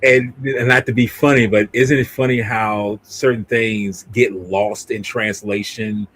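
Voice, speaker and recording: A man's voice: fairly low pitch, steady tone, unhurried, a bit bright. A man hosting a casual livestream, talking in a rambling way with many restarts and fillers. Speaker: livestream host.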